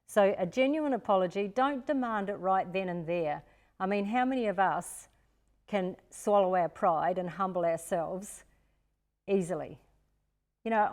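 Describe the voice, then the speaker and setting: A woman's voice: mid-range voice, a little mellow. Older woman giving a parenting seminar. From Australia. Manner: practical, talks directly to parents and acts out what to say to children. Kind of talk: live-streamed parenting seminar talk.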